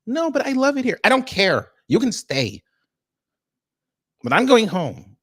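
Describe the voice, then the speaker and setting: A man's voice: huge pitch swings, unhurried, fairly bright tone, slightly rough, full character voice. A man voicing a fussy, panicky American woman expat who wants to flee earthquakes. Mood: frantic. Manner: shrill, fussy, frantic.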